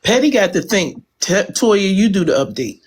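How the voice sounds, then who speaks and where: A woman chiming in with slow, drawn-out, teasing asides during a casual chat. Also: mid-range voice, sing-song, slightly rough.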